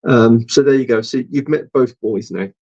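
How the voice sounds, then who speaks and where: A man hosting a casual livestream, rambling with lots of ums and soft laughs. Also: medium pitch, normal speed, lo-fi sound. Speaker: livestream host. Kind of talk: casual livestream chat reading viewer comments.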